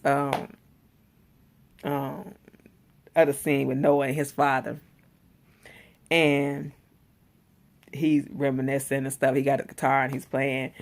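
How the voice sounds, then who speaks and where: Woman, low and gravelly, loose animated slangy recap of a show, talks straight to camera. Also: takes it slowly, long pauses. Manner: animated, slangy, exclaims and laughs while retelling. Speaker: TV episode reviewer. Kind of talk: casual chatty recap.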